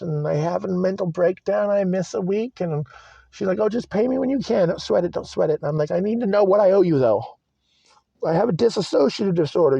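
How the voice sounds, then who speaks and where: A man's voice: high-pitched, creaky, dark tone, no room sound. A young man venting in a rambling, agitated monologue from inside his car, swearing and repeating himself. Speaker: vlogger. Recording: dry, muffled lo-fi recording.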